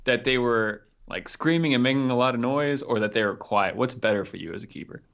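A man's voice: medium pitch, fairly quick, a bit bright, dull audio. A man co-hosting a casual interview, chatty and talking as a fan. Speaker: podcast co-host.

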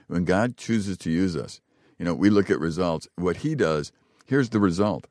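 Very deep-voiced, blunt-talking man. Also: lively intonation, moderate pace, a little mellow, no echo, studio quality. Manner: blunt, plain-spoken, with stutters and restarts. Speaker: co-host of a faith talk show. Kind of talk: Bible teaching in conversation.

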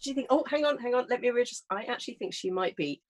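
A woman's voice: on the high side, quick pace. A middle-aged woman co-hosting a podcast, chatting eagerly with stammering starts. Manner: animated, enthusiastic, stammering starts. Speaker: podcast co-host. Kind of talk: casual chat.

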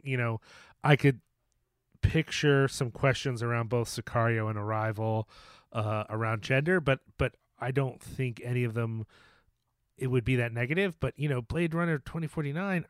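A man's voice: mid-range voice, dry recording, clean studio sound. A man co-hosting a casual film podcast, talking loosely with many fillers, restarts and jokes. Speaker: podcast co-host.

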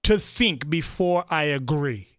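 Playful man in casual chat, high voice, dry close sound. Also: lively intonation, slow pace, a bit bright, dry recording. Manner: playful, jokey interjections.

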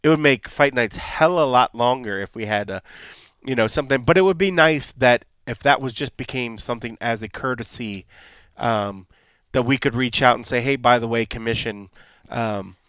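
A man's voice: mid-range voice, normal speed, fairly bright tone, clean tone, dry recording. A man co-hosting a casual podcast, laid-back, laughing often and swearing freely. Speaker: podcast co-host. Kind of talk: casual chat.

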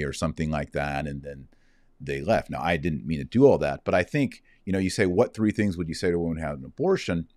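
A man's voice: very deep voice, fast talker, a little mellow, no room sound, clean studio sound. A middle-aged man earnestly retelling a conversation and then preaching about repentance, quoting dialogue as he goes. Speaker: speaker telling a story and answering a question. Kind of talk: casual storytelling and preaching.

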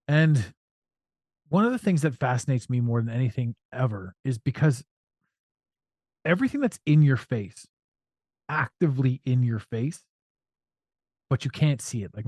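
A man's voice: mid-range voice, dry recording. A man hosting a podcast in casual chat, telling stories and acting out voices for laughs. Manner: animated, acts out voices and jokes. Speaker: podcast host.

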